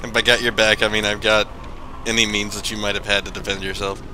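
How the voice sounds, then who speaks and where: A man's voice: on the low side, monotone, fast talker, sharp tone, slight background noise. A man hosting a let's play, giving dry, sarcastic, swear-filled commentary on a horror game into a gaming mic. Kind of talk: casual gameplay commentary.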